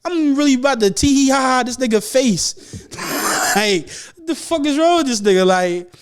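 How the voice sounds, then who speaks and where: A young man tells a rambling, profane story in a podcast chat. His voice sits high for a man and sounds smooth and resonant. He talks loosely and jumps between asides. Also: normal speed. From Philadelphia. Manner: animated, profane, laughing storyteller. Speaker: podcast host. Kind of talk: casual storytelling.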